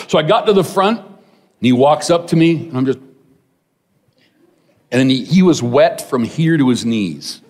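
A middle-aged man preaching a sermon, telling a personal story with animated asides to the congregation. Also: medium pitch, moderate pace. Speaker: pastor. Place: large church hall. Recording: long hall reverb.

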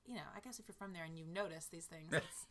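A woman's voice: on the low side, fast talker, a bit bright. A woman from the American South, a touring performer, chatting eagerly as a guest with lots of restarts. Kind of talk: casual conversation.

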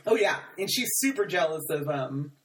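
A woman's voice: sits low, lively intonation, normal speed, distant mic, a little hiss or hum. A chatty woman recaps a TV episode in a casual podcast chat. She laughs easily and drifts off with fillers. She sits back from the mic in an echoey room. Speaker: podcast co-host.

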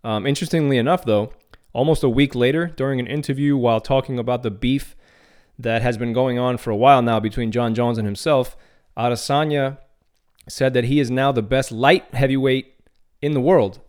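A podcast host speaks by himself about fight news, sharing casual, opinionated views and restarting now and then during his MMA commentary. His mid-range voice is smooth with a darkish tone, and his pace is brisk.

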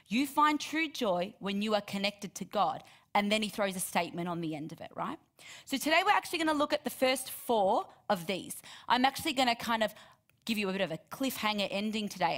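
An earnest woman preaching a sermon at a middle pitch. She reads scripture aloud, then explains it in an animated, encouraging way.

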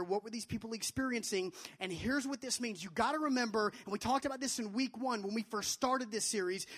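A young man preaching a sermon to students as a youth pastor, emphatic and repeating his phrases. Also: a bit bright. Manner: emphatic, repeats phrases, acts out quotes in a high childlike voice.

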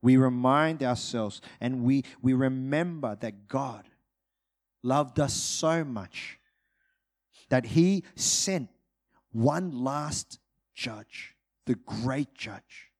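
A man preaching a sermon to his congregation, moving between urgent, loud peaks and hushed, drawn-out phrases. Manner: dynamic, swings from loud urgent peaks to hushed low delivery.

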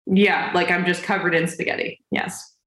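A woman's voice: fairly low pitch, little pitch movement, moderate pace, fairly bright tone. A woman in her twenties co-hosting a podcast over a video call, chatting casually in a dry, teasing way. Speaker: podcast co-host. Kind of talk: casual chat. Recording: roomy echo on video call.

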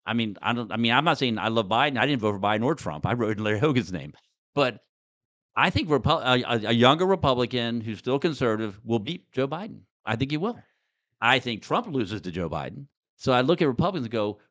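Fast-talking middle-aged man, animated. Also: medium pitch. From Maryland. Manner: animated, talks fast, with frequent restarts. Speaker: podcast guest, former state senator. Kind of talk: casual political conversation.

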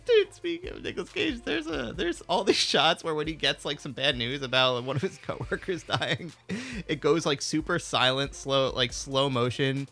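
Bright-voiced animated male podcast co-host. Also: a little high, normal speed, gravelly, faint music behind. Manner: animated, laughs often, swears casually. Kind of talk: casual movie review chat.

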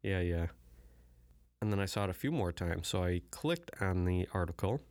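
A man's voice: low-pitched, lively intonation, brisk, a little mellow, no echo. A man talking to the camera in a rambling, joking way, with plenty of profanity. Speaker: vlogger. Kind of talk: casual chat.

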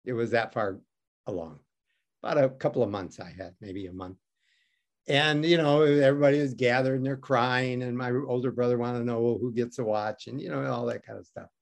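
A man's voice: medium pitch, fairly quick, vocal fry. A man from Detroit telling a personal story as a guest, wry and self-mocking, acting out the dialogue he quotes. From Detroit, USA. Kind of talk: animated storytelling.

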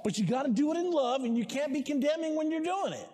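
High-voiced man preaching in a big hall. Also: lively intonation, quick pace, few pauses. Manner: exhorting, calls for amens, shouts at peaks. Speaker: pastor. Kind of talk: sermon. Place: church sanctuary. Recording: long reverb of a large hall.

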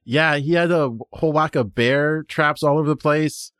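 A man playing in a tabletop role-playing game, talking in a rambling, halting way. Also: on the high side, fairly bright tone, smooth, dry recording, studio quality. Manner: rambling, halting, many restarts. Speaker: player. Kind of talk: casual tabletop role-play.

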